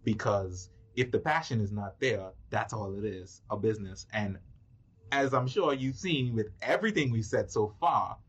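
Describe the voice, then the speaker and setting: A man, a filmmaker guest in an interview, explaining things in a measured, step-by-step way. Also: fairly low pitch, lively intonation, slightly rough. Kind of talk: casual interview chat. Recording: muffled lo-fi audio.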